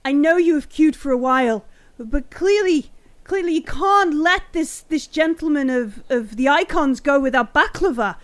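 Fawning, halting male stall keeper, voiced by a woman, high and eager. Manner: flattering, halting. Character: fawning middle-aged male cafe stall owner.

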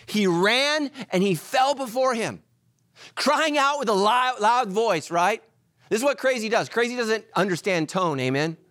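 Animated preaching man, dry sound. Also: sits high, no room sound. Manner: animated preaching, swings between loud and hushed. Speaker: pastor. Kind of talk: sermon.

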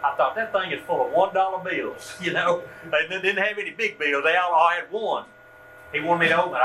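A man leading a church workshop, telling a story in a folksy, animated way and closing with prayer. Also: a little high. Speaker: ministry workshop leader. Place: meeting room at a church event. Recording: distant mic with steady hum.

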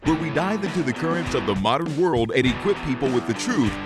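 A man's voice: a little high, expressive, fast talker. A man reading a scripted show introduction in an upbeat announcer manner. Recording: dull lo-fi intro over guitar music.

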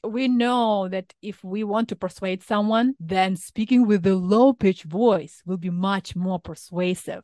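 A woman public speaking coach giving advice in an interview, lively and demonstrative. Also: unhurried, few pauses, no echo. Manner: animated, demonstrates pitch changes. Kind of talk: interview guest explaining.

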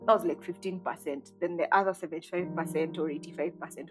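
Low-voiced woman telling her story. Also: fairly quick, few pauses, poor audio. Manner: reflective, conversational, lots of fillers. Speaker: interview guest. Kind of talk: candid personal storytelling. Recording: guitar music underneath.

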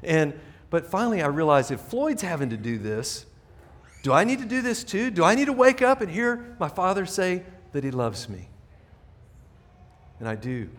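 A middle-aged male pastor delivers a sermon with a slightly raised pitch, talking to his congregation in an earnest, conversational way. He often restarts his sentences and circles back to his point, the way a preacher does when speaking without a script. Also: big pitch swings, moderate pace. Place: church sanctuary.

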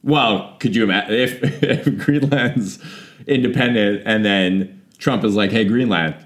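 A man's voice: on the low side, measured pace. A man in casual podcast chat, sarcastic and cheerfully profane, laughing easily as he talks.

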